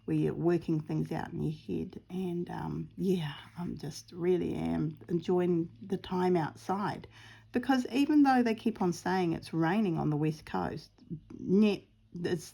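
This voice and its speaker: Sewing outdoors at home, a middle-aged woman with a New Zealand accent rambles through some casual crafting chat, often at her own expense. She has a lowish, gravelly, warm voice and talks a little slowly, occasionally sinking into a murmur as this sewing vlogger.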